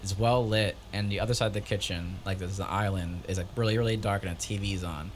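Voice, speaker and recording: A man's voice: deep voice, fairly even intonation, fast, slight background noise. A man co-hosting a casual podcast, telling a story animatedly and acting out dialogue in a raised voice. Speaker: podcast co-host.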